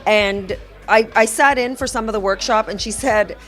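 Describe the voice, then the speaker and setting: A woman's voice: a little high, normal speed, a bit bright, soft background music. A woman festival founder talking earnestly in a casual interview, rambling a little.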